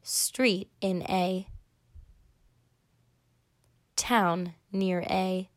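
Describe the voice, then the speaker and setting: Slow-spoken woman leading a word game. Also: mid-range voice, steady tone, no room sound, clean studio sound. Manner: slow, leaving pauses. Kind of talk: guided fill-in-the-blank game.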